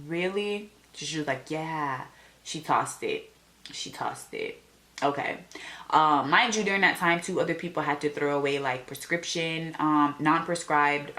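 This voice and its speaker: Woman, low voice, young adult, animated storytime vlog, acts out quoted voices. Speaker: vlogger.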